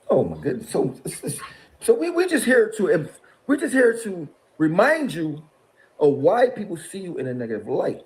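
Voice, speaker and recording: Middle-aged man, high and very animated, mocking, exasperated call-out rant with laughs between jabs. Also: normal speed. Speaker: interview guest.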